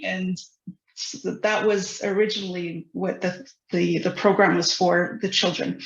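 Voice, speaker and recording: Education founder guest, mid pitch, earnest, lots of restarts, echoey lo-fi audio. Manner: earnest explaining, many fillers and restarts. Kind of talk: conversational interview. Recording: roomy, dull lo-fi sound.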